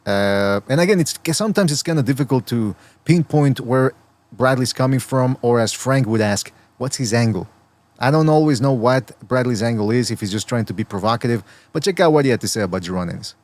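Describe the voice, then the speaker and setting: A man hosting a boxing podcast who breaks down fighters in casual chat, analytical and quick to chuckle. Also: medium pitch, expressive, a little mellow, no echo. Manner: analytical, given to chuckles and playful mimicry.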